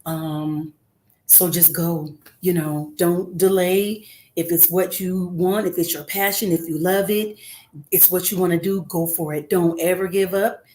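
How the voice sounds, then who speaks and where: A middle-aged woman with a fairly low voice chats as a guest singer over a remote call. She talks earnestly and encouragingly, with plenty of "um"s along the way. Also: steady tone, a little slow, dark tone. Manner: conversational with frequent "um" fillers, earnest and encouraging. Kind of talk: casual interview.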